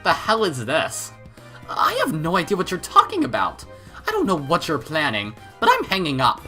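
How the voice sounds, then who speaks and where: A man's voice: medium pitch, lively intonation, brisk, bright, forceful tone, faint music behind. A man voicing a stern, proud middle-aged noblewoman who talks in an indignant, commanding, clipped way.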